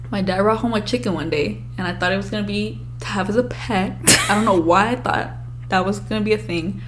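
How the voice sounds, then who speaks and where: A young woman co-hosting a podcast, telling childhood stories in a casual, profane, animated way. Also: mid-range voice, slight background noise. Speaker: podcast co-host. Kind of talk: casual storytelling chat.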